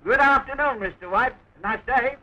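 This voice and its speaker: An actor playing a cheerful studio worker making polite small talk, from a dull old film soundtrack. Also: male voice, very high-pitched, moderate pace, sharp tone, exaggerated voice.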